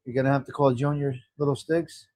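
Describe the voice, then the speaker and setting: A man's voice: mid-range voice, steady tone, brisk, a little mellow. A middle-aged man hosting a casual livestream, reading viewer comments and chatting in a rambling way with frequent laughs. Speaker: livestream host.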